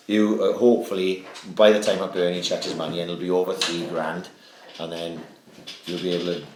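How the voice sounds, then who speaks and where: A man's voice: sits low, flat delivery, a little fast. A man hosting a podcast in casual chat, laid-back and trailing off between words. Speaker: podcast host. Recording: roomy echo with faint noise.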